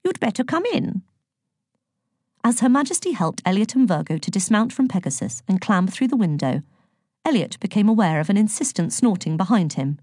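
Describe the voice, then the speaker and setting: A woman's voice: medium pitch, lively intonation, a little fast, a little mellow, no room sound, studio quality. A woman narrating a children's storybook aloud, reading expressively and giving each character a voice. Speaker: audiobook narrator.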